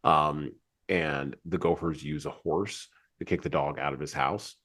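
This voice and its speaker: Very deep, husky male podcast host. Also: fairly even intonation, measured pace, fairly bright tone. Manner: digressive, chatty, many asides. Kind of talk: casual podcast commentary.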